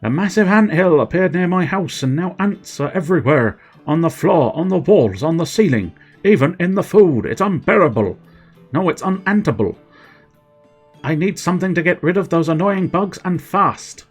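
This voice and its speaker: A man's voice: fairly high pitch, animated, normal speed, slightly rough, soft background music, pitched above the performer's own voice. A man voicing a game villager who complains shrilly and with exasperation about an ant infestation. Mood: exasperated. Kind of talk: reading game dialogue in a voice.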